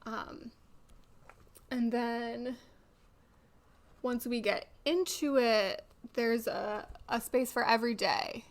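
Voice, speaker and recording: A woman's voice: fairly high pitch, slow pace, long pauses. A woman co-hosting a podcast in casual chat, talking in a chatty way with lots of filler words. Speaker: podcast co-host.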